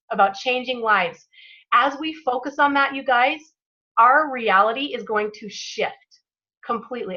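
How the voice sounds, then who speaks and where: A woman's voice: fairly high pitch, pushed and bright, highs cut off. A woman leading a motivational team call, encouraging and emphatic, guiding listeners through breathing. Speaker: team leader hosting a call.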